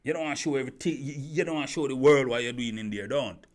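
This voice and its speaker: Man, YouTube commentator, opinion monologue, rhetorical questions, repetitive, stammering restarts, mid pitch. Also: fast. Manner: rhetorical questions, repeats himself, stumbling restarts.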